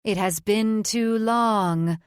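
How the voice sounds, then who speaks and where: A woman voicing menacing hooded demon cultists in an audiobook, slow and sibilant. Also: medium pitch, smooth, no room sound, clean studio sound.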